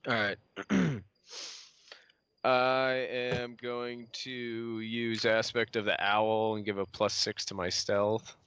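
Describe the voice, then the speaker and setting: A man playing a tabletop game, thinking aloud deliberately. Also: lowish voice, flat delivery, fairly bright tone, clean tone, no room sound. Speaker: player. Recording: dull, dry lo-fi recording.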